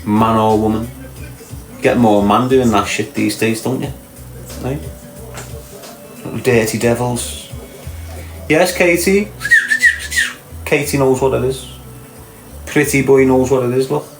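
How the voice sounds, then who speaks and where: A man with a Liverpool accent talks in a loose, rambling way, often tagging his points with rhetorical questions. He sits in a roomy, echoey space with faint music under him. His voice sits at an ordinary middle pitch. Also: unhurried, long pauses. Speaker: podcast host. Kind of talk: casual chat.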